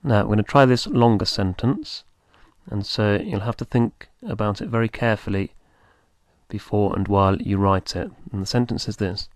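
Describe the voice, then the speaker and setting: A man's voice: lowish voice, lively intonation, moderate pace, no echo. A man teaching a beginner language lesson, patiently repeating and spelling out words.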